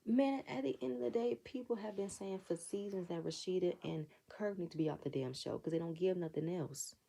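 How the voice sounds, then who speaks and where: Gravelly low-voiced woman, blunt recapper. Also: a little fast, dark tone. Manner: blunt, profane, exasperated. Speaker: reality TV reviewer. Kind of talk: casual recap commentary.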